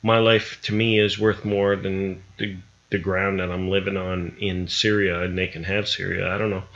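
A man's voice: low voice, level tone, normal speed, a bit bright, muffled recording. A man co-hosting a casual podcast chat, talking loosely and listing things off. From Atlantic Canada. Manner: chatty, lists things off, drops into a put-on accent now and then. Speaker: podcast co-host.

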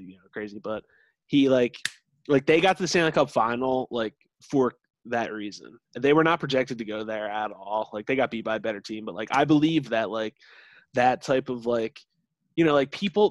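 A man's voice: medium pitch, no room sound. Rambling young man, casual and dry. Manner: rambling, heavy filler words, earnest. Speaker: podcast co-host. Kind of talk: casual chat.

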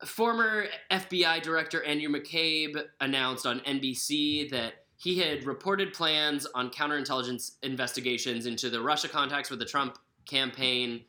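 A woman's voice: rumbling low, moderate pace, hardly any pauses, bright, forceful tone. A young woman co-hosting a casual podcast, rambling through news with fillers and self-corrections. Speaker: podcast co-host. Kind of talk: casual chat.

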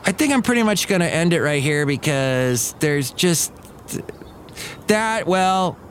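A man's voice: fairly high pitch, animated, a little slow, a little hiss or hum. A man hosting a podcast in a casual, rambling monologue who digresses, trails off and corrects himself. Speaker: podcast host.

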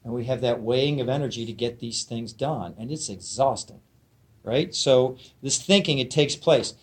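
A man teaching a spiritual lecture to a live audience. He talks emphatically and conversationally, often checking in with his listeners. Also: mid-range voice.

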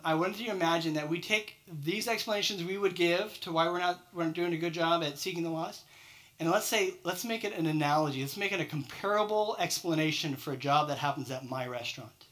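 A man's voice: fairly high pitch, a little fast, fairly bright tone. A man preaching a sermon, firing off rhetorical questions and acting out quoted excuses. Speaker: pastor.

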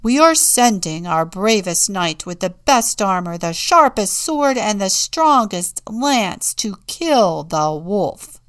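A woman reading a storybook aloud, voicing boastful town leaders who proclaim their plans loudly. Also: medium pitch, big pitch swings, slow pace, few pauses, dry recording, clean studio sound. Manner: loud, proclaiming. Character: boastful loud town leaders, self-assured officials.

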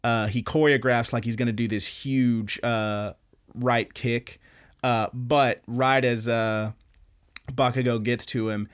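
A young man hosting a podcast, recapping anime episodes in a casual, animated way, swearing often and acting out lines. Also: mid-range voice. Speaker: podcast host.

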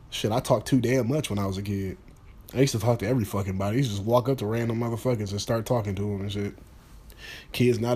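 A man's voice: fairly low pitch, darkish tone, breathy edge. A man in his twenties ranting bluntly and profanely, sounding exasperated. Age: 20s. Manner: blunt, exasperated, swearing freely. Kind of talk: casual profane rant.

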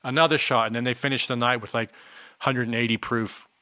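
A man's voice: medium pitch, fairly even intonation, fairly quick, sharp tone, smooth, dry recording, clean studio sound. A man from South Africa chatting on a podcast, rambling with casual swearing. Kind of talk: casual chat.

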